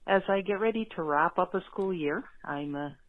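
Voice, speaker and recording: A woman's voice: fairly low pitch, normal speed. A woman from Canada, a school principal who calls in to leave a friendly, chatty question with light jokes. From Northern Ontario, Canada. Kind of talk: recorded voicemail question. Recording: tinny phone line.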